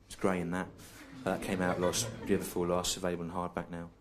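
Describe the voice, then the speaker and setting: A man doing a stand-up comedy routine on stage. He is deadpan and digressive and repeats his own lines on purpose. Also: sits low. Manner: deadpan, digressive, deliberately repetitive. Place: comedy stage before a live audience. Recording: live recording with clear background noise.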